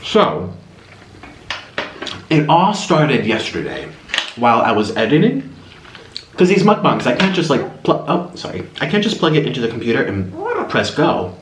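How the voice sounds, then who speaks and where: Medium-pitched and moderately paced, this young man pauses often as he eats on camera, chatting and drifting into animated, rambling stories. It's a mukbang filmed in a room at home using only the camera's built-in mic, leaving echo and a faint hiss.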